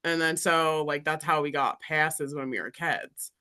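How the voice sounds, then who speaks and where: Bright, chatty woman from Massachusetts. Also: deep voice, fairly even intonation, unhurried, clear, resonant tone. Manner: chatty, laughs often, fills talk with "like". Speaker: guest, union laborer. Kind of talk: casual podcast interview.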